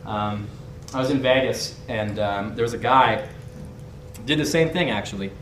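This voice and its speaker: A man's voice: lowish voice, moderate pace, noisy background. A young man teaching body language through a candid, brash story, swearing and laughing as he talks, heard through a distant mic in a roomy space. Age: young adult. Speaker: body language and dating instructor. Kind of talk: casual storytelling lesson.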